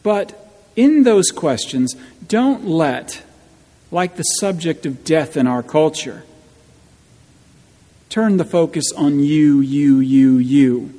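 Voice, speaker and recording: Slow-preaching man in a reverberant church. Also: a little high, mellow. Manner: slow, emphatic preaching with wry asides. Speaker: pastor. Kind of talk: sermon.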